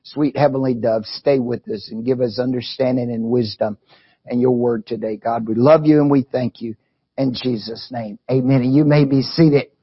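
A man preaching a sermon with fervor, often saying amen and rising to shouts. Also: medium pitch, fairly even intonation, normal speed, breathy edge, no room sound, dull audio.

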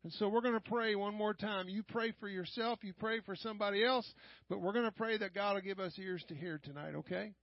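An older man leading fervent prayer and preaching at a church service, often shouting and repeating lines of praise. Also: high voice, fairly quick, no room sound, lo-fi sound.

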